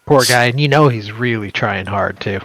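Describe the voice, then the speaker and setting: A man's voice: mid-range voice, moderate pace, a bit bright, no echo. A man playing in a tabletop game, joking and laid-back with the group. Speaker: player. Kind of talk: tabletop role-play chat.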